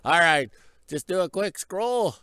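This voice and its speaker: A man, hoarse from losing his voice, chatting casually and jokingly in a rural vlog recorded outdoors in winter on his phone. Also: high-pitched, animated, unhurried, pushed and bright, no echo, clean studio sound. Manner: rambling, jokey, self-deprecating. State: hoarse, lost voice. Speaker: vlogger.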